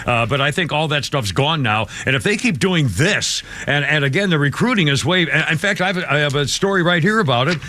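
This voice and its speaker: A man's voice: on the high side, lively intonation, brisk, few pauses, sharp tone. A man in his seventies hosting a talk show, ranting in a rambling, heated way with many restarts and at times getting choked up. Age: 70s. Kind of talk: opinionated talk show commentary.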